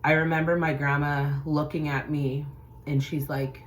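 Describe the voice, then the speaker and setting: Her deep voice runs at normal speed with a little hiss or hum in the background. Hosting her spiritual channel, she shares a personal story in a relaxed, chatty way, acting out the other characters' voices with animation.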